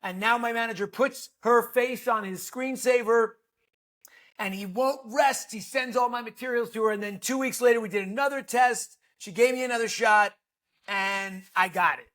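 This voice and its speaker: A middle-aged man, an actor guest, telling a lively, playful anecdote on a podcast. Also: high voice. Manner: lively storyteller, playful, self-deprecating.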